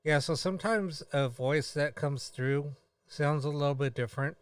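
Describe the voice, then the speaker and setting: A tired man hosting a live stream, chatting casually in a halting way with many pauses and fillers. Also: a little high, clear, resonant tone, no room sound, distant mic. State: tired, yawning.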